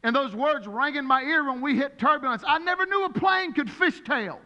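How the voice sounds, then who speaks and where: A man preaching as pastor, emphatic and repetitive, his voice rising to shouts. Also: very high-pitched, animated, moderate pace, big-room sound, lo-fi sound. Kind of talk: sermon.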